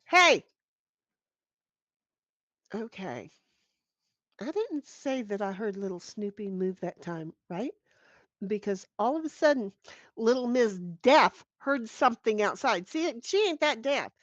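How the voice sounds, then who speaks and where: A woman's voice: fairly high pitch, animated, measured pace, dry recording, lo-fi sound. Salty middle-aged woman streamer, rambling. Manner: rambling, frank and salty, with frequent restarts. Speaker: streamer host. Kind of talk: casual livestream chat, reading comments aloud. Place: at home with her dogs. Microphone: computer mic at a desk.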